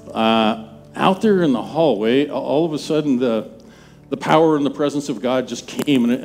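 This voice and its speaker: A man in his seventies, a pastor preaching a sermon in a church, talking in a conversational, halting way with many restarts. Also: medium pitch, a little mellow. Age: 70s. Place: church sanctuary.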